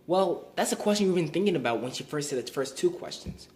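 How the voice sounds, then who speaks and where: A man's voice: fairly high pitch, expressive, fast talker, darkish tone. A young man giving a recorded class presentation, earnest and explanatory, often restarting and repeating words. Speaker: student presenter.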